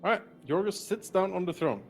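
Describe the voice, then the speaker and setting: A man running a tabletop game as dungeon master, describing scenes with frequent pauses and fillers. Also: high-pitched, animated, soft background music.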